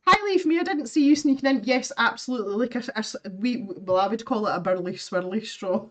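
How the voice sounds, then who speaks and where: A woman's voice: on the high side, fairly quick, a bit bright. A woman with a Scottish accent hosting an art live stream, chatting casually while she draws, laughing often and greeting viewers.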